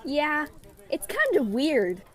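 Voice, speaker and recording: A woman's voice: high-pitched, wildly swooping pitch, slow pace, fairly bright tone, full character voice. A teenage girl playing a sarcastic, impatient modern American girl in a school radio play. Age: teens.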